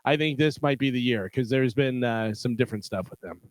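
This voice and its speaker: A man co-hosting a morning radio show, telling animated anecdotes. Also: medium pitch, brisk, no room sound. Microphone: studio microphone.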